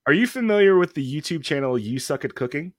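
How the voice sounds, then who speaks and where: A man's voice: a little high, lively intonation, fast, no echo, clean studio sound. A man hosting a casual podcast from home, telling funny stories about his young daughter with laughter and swearing. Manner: storytelling, laughing, profane. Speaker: podcast host and father. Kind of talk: casual comedic chat.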